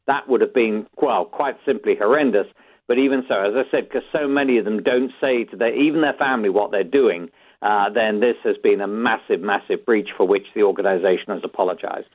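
Male British correspondent, measured phone report, tinny line. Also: fairly low pitch. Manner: measured reporting with frequent fillers.

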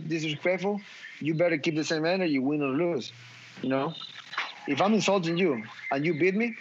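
A man who fights in mixed martial arts, giving a post-fight interview, talking emphatically with lots of swearing, stumbling and repeating words. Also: a little high. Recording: dull audio with clear background noise.

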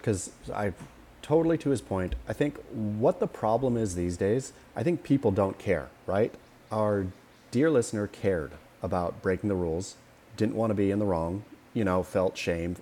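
Opinionated man with a low, mellow voice. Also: normal speed, husky. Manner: opinionated, animated storytelling with acted-out quotes. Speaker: podcast co-host. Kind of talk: casual chat.

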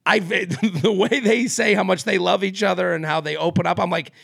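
A high, gravelly, somewhat bright voice at a moderate pace belongs to this podcast co-host, recorded dry at studio quality. He rambles in loose conversation, restarting often, using lots of fillers, and laughing frequently.

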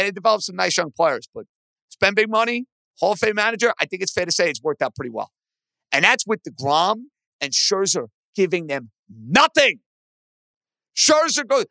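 A man hosting a sports podcast, ranting with animated opinions about teams and trades. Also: vocal fry, dry recording. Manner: animated, aggravated rants with rising pitch. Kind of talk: opinionated sports talk monologue.

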